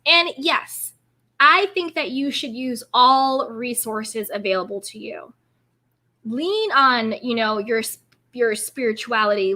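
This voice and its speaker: Upbeat woman life coach hosting a live stream, bright and somewhat high voice, casual and encouraging. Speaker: self-care coach and live-stream host.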